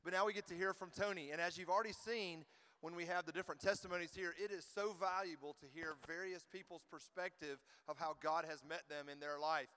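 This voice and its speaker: A man's voice: a little high, steady tone, fast, smooth. A man acting as emcee, introducing the next speaker and rallying the crowd to applaud. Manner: warm-up, rallies the crowd to applaud. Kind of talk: stage introduction. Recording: long hall reverb.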